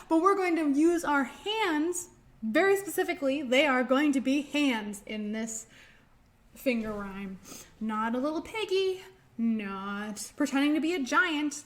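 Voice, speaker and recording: Slow, gentle woman leading a children's storytime. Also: high voice. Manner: gentle, encouraging, sing-song. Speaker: children's librarian. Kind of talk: storytime reading and finger rhymes.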